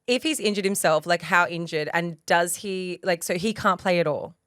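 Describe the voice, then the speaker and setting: A woman co-hosting a podcast, asking questions and teasing with quick quips. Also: on the low side, a bit bright, dry recording, clean studio sound. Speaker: podcast co-host. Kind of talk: casual chat.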